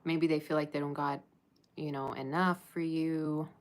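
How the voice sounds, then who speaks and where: A woman's voice: low voice, fairly even intonation, moderate pace. A woman giving a casual tarot reading to camera, chatty and laughing often as she talks to viewers. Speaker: tarot reader.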